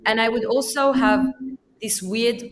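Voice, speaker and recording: A woman from Iraqi Kurdistan whose first language is Kurdish, a podcast guest telling personal stories in a lively way, often repeating words as she restarts. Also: fairly high pitch, a little slow, noisy background. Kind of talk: personal storytelling.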